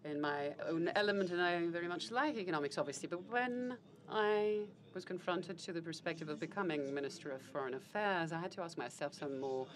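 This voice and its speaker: A woman with a lowish voice interprets a panel conversation live, speaking formally and in a measured way. Her delivery is halting, often pausing on fillers and correcting herself mid-phrase.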